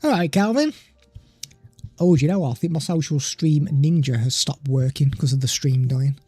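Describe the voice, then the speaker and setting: A man hosting a relaxed tech livestream from his home desk. His voice is mellow and warm, sitting close and dry on a studio mic, with faint music underneath. He rambles easily and breaks off to talk to his pet. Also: fairly high pitch, moderate pace, slightly rough, dry recording. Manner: chatty, loose, stops to talk to his pet. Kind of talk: casual live product demo. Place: home desk streaming setup. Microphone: studio microphone through a mixer at a desk.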